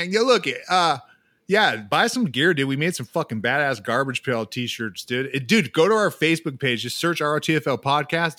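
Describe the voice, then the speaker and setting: A man's voice: a little high, bright, forceful tone, dry recording, clean studio sound. A man co-hosting a podcast, brash and profane, saying "dude" at every turn. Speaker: podcast co-host. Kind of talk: crude casual podcast banter.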